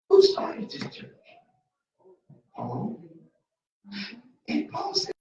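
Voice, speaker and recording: A Bible study teacher preaching in a passionate, folksy way with homey everyday examples, talking faster and cutting in when fired up. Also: medium pitch, big pitch swings, dark tone. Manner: speeds up and cuts in when passionate. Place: church. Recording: very echoey church room, mic far off, dull sound.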